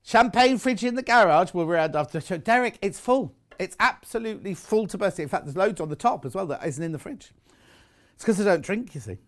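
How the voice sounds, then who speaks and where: A man's voice: high voice, lively intonation, a little fast. A man with a British accent presenting on a live craft shopping show, chatting and teasing as he reads out viewer messages. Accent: British English. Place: TV studio.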